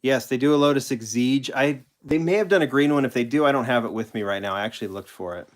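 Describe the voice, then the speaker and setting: A man's voice: medium pitch, fast. A man hosting a casual live stream, rambling and correcting himself as he answers chat questions and shows toy cars. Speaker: host of a live collector stream.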